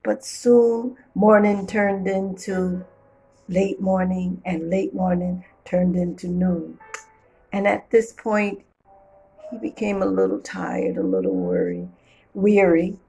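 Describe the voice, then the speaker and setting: A woman reading a children's storybook aloud with playful, expressive storytelling. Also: medium pitch, slow, creaky, faint music behind, rough recording.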